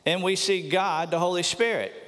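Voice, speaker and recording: A man preaching in a church sanctuary. His voice sits a little high for a man, and long reverb trails after each phrase. His delivery is earnest, and he slows down to stress key points. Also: a bit bright. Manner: earnest preaching, slows for emphasis, repeats words. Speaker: pastor. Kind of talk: sermon.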